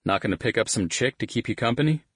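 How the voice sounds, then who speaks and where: A man's voice: medium pitch, animated, quick pace, a bit bright, husky, no room sound, clean studio sound, voice pushed up. A man doing a laid-back young father. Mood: teasing. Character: young father and guitarist, easygoing but tired. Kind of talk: audiobook character voice.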